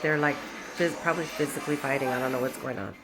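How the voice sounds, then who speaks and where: Low-voiced woman rambling in a home vlog. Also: fairly even intonation, fast talker, over loud music. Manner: rambling, stops and starts, frequent repeated words. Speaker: vlogger. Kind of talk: casual vlog chat. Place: home with noisy roommates.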